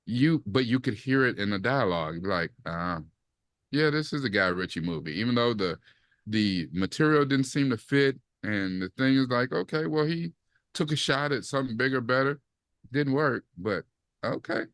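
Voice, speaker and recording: Guy on a podcast, mid pitch, dry close sound, gets animated and acts out lines. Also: moderate pace, dry recording. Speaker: podcast co-host. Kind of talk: casual chat, TV review.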